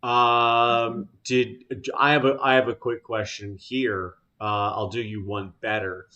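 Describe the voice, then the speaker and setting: A man narrating a tabletop game as game master, slow and halting with many filler sounds. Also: fairly low pitch, level tone, sharp tone, highs cut off.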